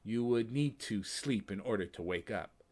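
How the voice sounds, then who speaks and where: A man's voice: lowish voice, moderate pace. A man playing a tired, cranky old custodian. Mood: dry. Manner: mumbling, calm and dry. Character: weary, cranky old male custodian, dry wit.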